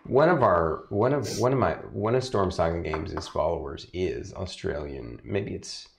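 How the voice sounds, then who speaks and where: A man's voice: deep voice, gravelly. A man hosting a live tabletop game stream, chatting casually and laughing often. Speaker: game master and stream host.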